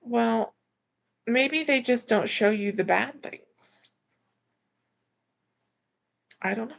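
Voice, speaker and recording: Slow and full of vocal fry, a woman's higher-pitched voice reads out viewer comments on her casual livestream. She's from Florida, US, and rambles through answers, often restarting and repeating words as she does.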